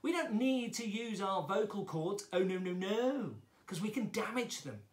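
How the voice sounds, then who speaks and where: A man's voice: high-pitched, expressive, moderate pace, roomy sound. A man teaching children a drama lesson in a chatty, playful and encouraging way.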